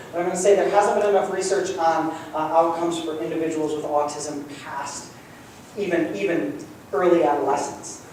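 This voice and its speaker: A man gives a friendly, conversational public lecture, easygoing and quick to chuckle. He is picked up from well back in the room, so his voice is wrapped in strong echo. There is faint background noise. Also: fairly high pitch, fairly even intonation, a little mellow. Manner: conversational, good-humored, chuckles often. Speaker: guest lecturer. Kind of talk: public lecture with audience questions. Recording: roomy hall sound from far off, faint noise.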